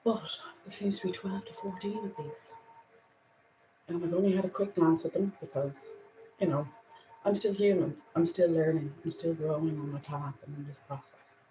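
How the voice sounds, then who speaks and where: A woman hosting a casual spiritual talk and reading angel cards, earnest and reflective, with soft laughs and a little emotion. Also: low voice, normal speed, a little hiss or hum, poor audio.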